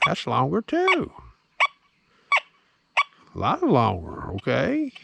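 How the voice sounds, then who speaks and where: A man's voice: high-pitched, vocal fry, noisy background. A man giving a plain-spoken, hands-on tutorial outdoors, often checking in with the viewer. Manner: plain-spoken, drawling, keeps checking in with "okay?". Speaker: metal detecting hobbyist demonstrating a detector.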